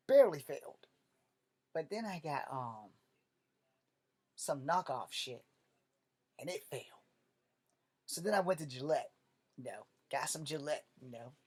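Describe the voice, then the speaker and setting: A man with a slightly high voice tells a rambling comic story to camera. He jokes, curses freely and keeps an animated, chatty flow. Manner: animated, profane, joking. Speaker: vlogger. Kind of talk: comedic storytelling rant.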